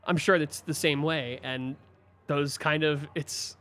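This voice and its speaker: A man's voice: a little high, steady tone, slow, a bit bright. A man from Philadelphia, a guest on a casual podcast chat, who jokes about himself and trails off. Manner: self-deprecating, jokey, trails off. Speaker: guest, team staffer.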